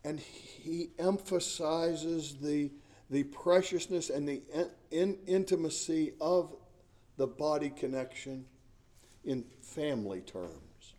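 A man's voice: on the high side, expressive, slow pace, dark tone. A middle-aged male pastor preaching a sermon in an earnest, emphatic way, often repeating words as he searches for the next phrase.

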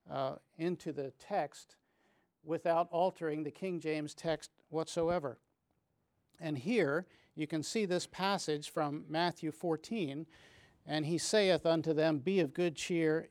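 A man giving a measured, reflective Bible teaching, reading scripture aloud and pausing with small restarts as he explains. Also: fairly high pitch, no room sound, clean studio sound.

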